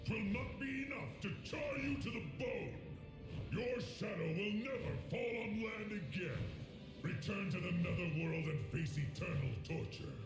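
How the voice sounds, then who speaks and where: An actor playing a proud, vengeful knight who shouts theatrical threats, in a video game. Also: male voice, high voice, expressive, measured pace, reverberant, music in the background. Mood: furious. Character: vengeful knight seeking revenge, proud and furious.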